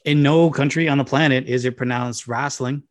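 A man's voice: medium pitch, steady tone, fairly quick. A man on an emphatic, sardonic rant, his exasperation spilling into casual podcast talk. He hits his points hard and dryly.

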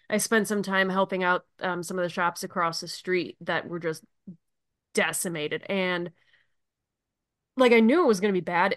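Bright-voiced, animated woman podcaster. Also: fairly low pitch, dry recording, studio quality. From Connecticut, USA. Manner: animated, swears freely, loud outbursts. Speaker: podcast co-host. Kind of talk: casual chat.

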